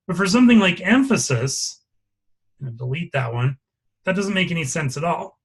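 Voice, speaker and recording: A man instructor leading a live class, explaining a software demo step by step and pausing to check for questions. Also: fairly high pitch.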